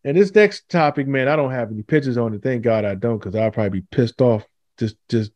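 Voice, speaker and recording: A man's voice: medium pitch, brisk, dry recording. Laid-back man hosting a chat. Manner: loose storytelling with animated quoted voices. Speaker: podcast host. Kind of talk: casual chat.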